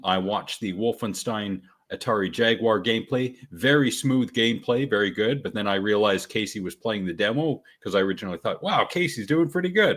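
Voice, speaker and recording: A man with a fairly low voice hosts a casual podcast. He trades crude jokes and deadpan asides in an easygoing chat. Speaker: podcast host.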